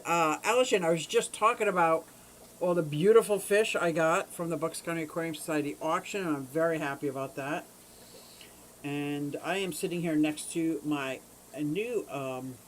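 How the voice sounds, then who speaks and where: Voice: mid-range voice, normal speed, a little hiss or hum, poor audio. Chatty fishkeeping livestream host at home. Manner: chatty, rambling, greets viewers by name. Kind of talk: casual livestream chat. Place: home room beside fish tanks. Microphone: camera mic on a short cable.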